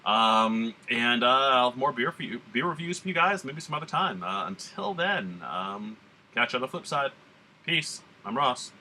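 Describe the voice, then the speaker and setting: A man's voice: medium pitch, animated, normal speed, pushed and bright, a little hiss or hum. A man from the United States hosting a casual beer-tasting vlog in a put-on American Southern drawl, rambling and laid-back with slang. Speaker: beer reviewer.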